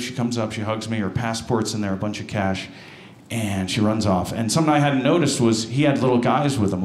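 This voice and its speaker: An American man doing a stand-up comedy set, telling self-deprecating stories with lively jumps in pitch. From United States. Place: comedy stage with live audience. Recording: roomy stage sound, audience noise.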